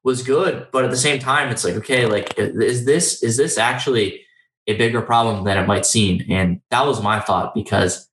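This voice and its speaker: A man's voice: mid-range voice, normal speed, a bit bright, a little hiss or hum. A young man talking in a casual, rambling sports chat, full of fillers and restarts. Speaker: podcast co-host. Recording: roomy echoey recording.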